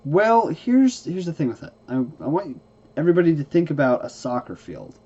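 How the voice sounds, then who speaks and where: A man's voice: a little high, very animated, moderate pace, dark tone, slightly rough. A man teaching hybrid car battery care in a casual, folksy way, tired and yawning, often asking "okay?" and restarting his sentences. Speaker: hybrid car repair instructor. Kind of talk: casual explanatory lesson. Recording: slightly dull lo-fi recording.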